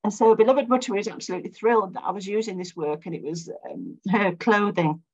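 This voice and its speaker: A woman's voice: mid-range voice, lively intonation, fast talker, breathy edge, lo-fi sound. A middle-aged woman, an academic giving an anecdotal slide talk, chatty and full of restarts. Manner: chatty storyteller, frequent restarts, acts out quoted voices.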